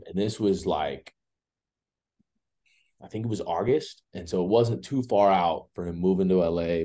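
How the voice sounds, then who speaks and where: Young guy, deep warm voice, laid back, lots of um and like. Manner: relaxed, rambling, full of filler words. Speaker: interview guest. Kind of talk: casual storytelling.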